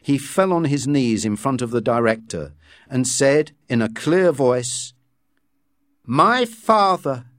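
A man reads a story aloud at an unhurried pace, his intonation rising and falling freely. The recording is close and dry, and the narration sounds measured and scripted. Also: mid-range voice, lively intonation, darkish tone, no room sound. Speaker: audiobook reader.

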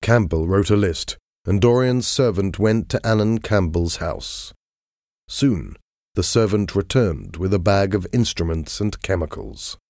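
Brief: male narrator, slow and clear, dry close studio sound. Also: sits low, animated, a little mellow, no room sound. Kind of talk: audiobook narration of a graded reader.

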